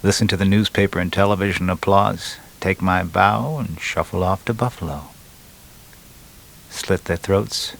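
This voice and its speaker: A man's voice: sits low, fairly even intonation, moderate pace, vocal fry, fairly bright tone, full character voice, low-quality recording. A man voicing a gleeful, sardonic male serial killer's inner thoughts, full of wisecracks. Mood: mocking. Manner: mocking, wisecracking inner monologue.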